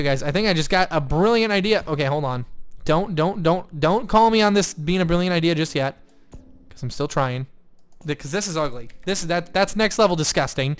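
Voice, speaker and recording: A young man giving excitable let's-play commentary, gushing loudly one moment and muttering the next. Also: fairly high pitch, clear, resonant tone. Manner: excitable, gushing, swings between loud outbursts and quiet mutters. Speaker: gaming YouTuber.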